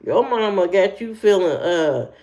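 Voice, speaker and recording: A woman's voice: medium pitch, expressive, measured pace, mellow. An American woman streaming and answering chat in a sassy, joking, slangy way, talking straight to her viewers with frequent fillers. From United States. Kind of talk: casual chat.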